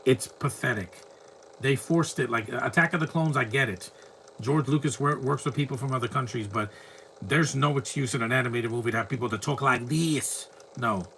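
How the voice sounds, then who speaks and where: A man's voice: mid-range voice, moderate pace, creaky, a bit bright, slight background noise. A man giving casual, opinionated film commentary over a movie, rambling and ranting in asides.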